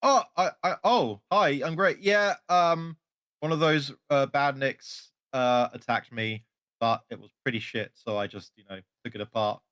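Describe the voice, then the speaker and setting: A man's voice: medium pitch, measured pace, fairly bright tone, no echo, clean studio sound. A man playing a tabletop game, talking casually and hesitantly as he thinks aloud. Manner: hesitant, full of ums and restarts. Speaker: player. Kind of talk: casual tabletop role-play chat.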